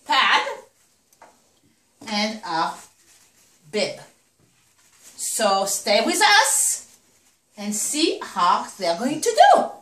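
A woman's voice: high-pitched, bright, forceful tone, slight background noise. A woman chatting through a puppy feeding demonstration, cheering and coaxing the puppies as she goes. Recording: echoey room, mic at a distance.

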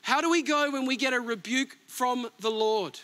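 Man, middle-aged pastor, very high voice, sharp tone, emphatic sermon delivery. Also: moderate pace. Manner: emphatic preaching, rising to near-shouts and dropping soft.

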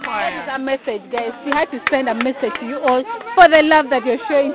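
A woman, hosting a vlog at a market, speaking softly and tenderly to her viewers. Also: high voice, fairly quick, hardly any pauses, narrow, tinny audio. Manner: soft, moved, talks to viewers as "guys". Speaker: vlogger host. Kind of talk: on-the-spot vlog commentary. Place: busy outdoor market. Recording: crowd noise around.

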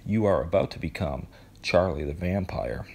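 A man voicing a hushed, seductive vampire woman. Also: sits low, lively intonation, normal speed, vocal fry, breathy edge, heavily acted. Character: seductive female vampire, calm and possessive.

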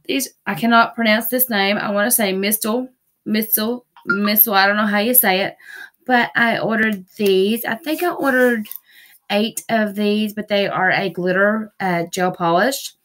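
A woman's voice: medium pitch, fairly even intonation, normal speed, fairly bright tone. A woman vlogging a nail-product haul from home, gushing and repeating herself with casual fillers. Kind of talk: casual haul video chat. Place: busy home with TVs and dogs.

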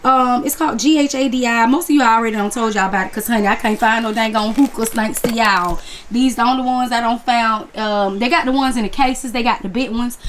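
A woman's voice: fairly high pitch, fairly quick, slight background noise. A woman talking casually to viewers about her craft haul, calling them honey and y'all. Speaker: crafts vlogger. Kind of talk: casual chat to camera.

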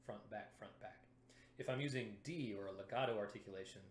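A man teaching brass playing in a lesson video, explaining clearly and methodically while sounding out syllables to demonstrate. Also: medium pitch, fast, roomy sound, a little hiss or hum.

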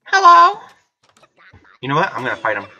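A woman's voice: low-pitched, animated, a little fast, pushed and bright. A woman doing let's play commentary, chatty with herself and screaming and swearing whenever she gets startled. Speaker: gamer. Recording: slightly dull lo-fi recording.

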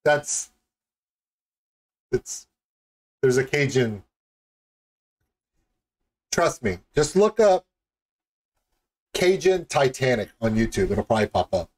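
A man's voice: mid-range voice, very animated, unhurried, long pauses. A man hosting a music video reaction, talking in an enthusiastic, rambling and jokey way. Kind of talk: casual reaction commentary.

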